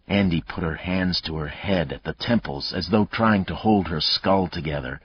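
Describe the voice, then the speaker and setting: Deep slow guy narrating a thriller audiobook, husky voice, dry dull recording. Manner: measured, dramatic storytelling.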